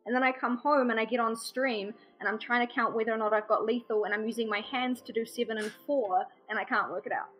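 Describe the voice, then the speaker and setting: A woman's voice: on the high side, fairly even intonation, fast talker, few pauses, a bit bright, poor audio. A woman with a New Zealand accent, a guest chatting casually on a podcast, self-deprecating and full of "like" fillers. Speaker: guest streamer.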